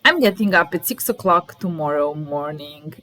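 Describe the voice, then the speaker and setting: A woman's voice: low voice, animated, normal speed, sharp tone, low-quality recording. A woman with a Serbian accent teaching an English lesson, repeating example sentences and explaining them. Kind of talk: language lesson.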